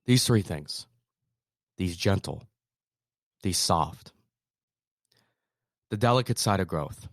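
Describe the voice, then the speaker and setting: Deep-voiced earnest male motivational host. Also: takes it slowly, pauses often, no room sound, clean studio sound. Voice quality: soft calming voice in quoted comfort. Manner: earnest, swings from hushed to emphatic. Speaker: podcast host. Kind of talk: motivational talk.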